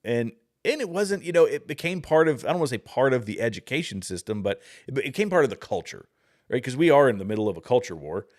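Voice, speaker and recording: A man's voice: medium pitch, big pitch swings, fast, a little mellow. A man in his thirties hosting a livestream, giving casual, rambling political commentary while reading viewer comments, often restarting his sentences. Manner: rambling, with frequent restarts and asides. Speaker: livestream host.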